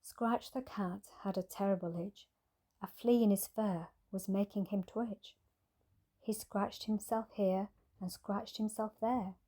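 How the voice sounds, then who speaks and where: A woman reading a rhyming bedtime story aloud with a gentle, rhythmic delivery. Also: medium pitch, steady tone, a little slow.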